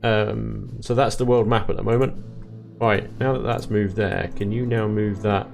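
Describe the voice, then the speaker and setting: Low-voiced man chatting over gameplay. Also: fairly even intonation, measured pace, vocal fry, faint music behind. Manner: chatty, laughs often, self-deprecating. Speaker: let's play host. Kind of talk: casual game commentary.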